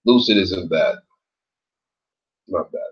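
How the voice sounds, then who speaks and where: Taking it slowly with a breathy edge, a man hosts an online show in casual, rambling commentary full of slang and swearing. When he gets worked up his pitch leaps suddenly, and the recording is dull and lo-fi.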